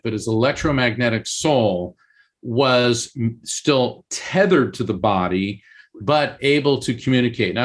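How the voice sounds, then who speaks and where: Animated male podcast guest telling stories. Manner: animated, with sudden pitch jumps and halting restarts. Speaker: guest medium and author. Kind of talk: storytelling in a podcast interview.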